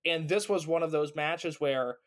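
Excitable man raving on a podcast. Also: a little high, unhurried. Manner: enthusiastic, rambling with restarts. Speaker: podcast co-host. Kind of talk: casual chat, wrestling review.

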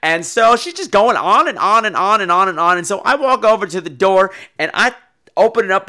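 A man hosting a podcast who tells stories in a casual monologue, animated and profane. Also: high voice. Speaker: podcast host.

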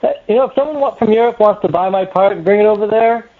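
A man's voice: high-pitched, fast. A man from New Hampshire with a New Hampshire accent, a guest on a podcast, explaining plainly with many "uh" starts. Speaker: guest, small parts maker. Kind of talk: casual podcast chat. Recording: tinny phone-line sound.

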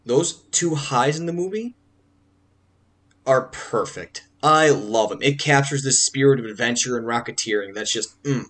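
A man's voice: mid-range voice, lively intonation, normal speed, fairly bright tone. A man co-hosting a casual film podcast, rambling and often restarting sentences while he hunts for words. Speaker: podcast co-host.

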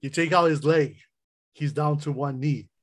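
Laughing male game master, slightly high voice. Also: normal speed. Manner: laughs often, restarts lines. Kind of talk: narrating a tabletop game.

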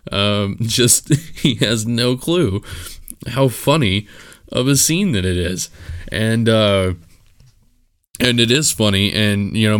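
A man hosting a solo podcast, telling a rambling story in casual chat, full of fillers and restarts. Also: fairly low pitch. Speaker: podcast host.

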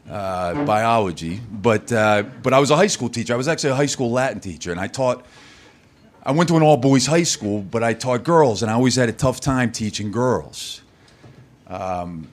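A man's voice: mid-range voice, normal speed. A man doing live stand-up crowd work on a comedy club stage, loose, profane and teasing the audience.

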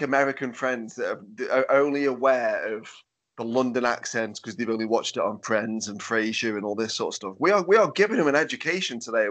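Hosting a laid-back podcast, a Stoke-on-Trent man jokes around, laughs a lot, and frequently starts his sentences over. His voice is mid-range with a fairly bright tone.

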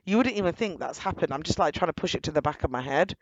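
A young woman, outspoken and animated, talking directly to her listeners in casual storytelling. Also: low-pitched, fast, lo-fi sound, a little hiss or hum. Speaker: guest telling her story.

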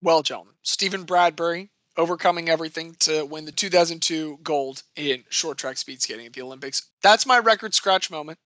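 A woman's voice: low voice, fairly quick, few pauses, a bit bright, no echo. A woman co-hosting a podcast, telling sports history in a casual, jokey way. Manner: chatty, jokey storytelling. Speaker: podcast co-host.

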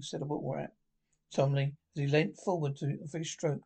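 A man's voice: fairly high pitch, level tone, brisk, vocal fry, mellow, husky. A man narrating a classic children's story aloud, often stumbling over words and restarting. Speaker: audiobook reader.

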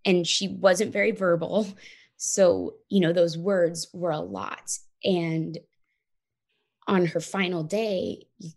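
Woman, thirties, gravelly edge, earnest and reflective, personal storytelling in an interview. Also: lowish voice, steady tone, slow pace, darkish tone. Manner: earnest, reflective, frequent "like" and "you know". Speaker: interview guest.

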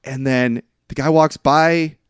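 A young man's steady, smooth voice moves at a slow pace as he co-hosts a podcast and casually recaps a film. He rambles and voices the characters' lines with pitch jumps. The clean studio sound carries no echo.

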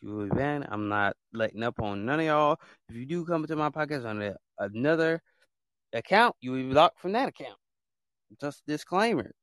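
A man's voice: on the high side, fairly bright tone, no room sound. Fed-up man ranting, dry close sound. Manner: fed-up, blunt, repeats himself; casual slangy speech. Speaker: podcast host. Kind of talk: ranting monologue.

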